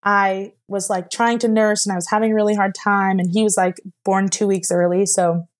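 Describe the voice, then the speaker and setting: A woman's voice: mid-range voice, flat delivery, moderate pace. A young woman telling a personal story as a podcast guest. She rambles emotionally, with many fillers, and sounds close to tears at times.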